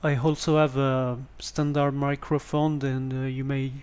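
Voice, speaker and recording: A man with a French accent giving a hesitant spoken tutorial on a basic microphone, pausing often with ums and restarts. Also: mid-range voice, level tone, darkish tone, clear, resonant tone. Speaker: tutorial presenter.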